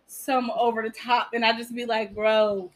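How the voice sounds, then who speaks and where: A woman's voice: a little high, monotone, moderate pace, a bit bright, rough recording. A woman co-hosting a casual chat, telling candid stories with frequent laughter. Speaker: podcast co-host.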